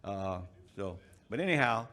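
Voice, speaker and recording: A man, the event's emcee, telling a joke in a rambling, halting way and chuckling at his own lines. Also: on the low side, very animated, sharp tone.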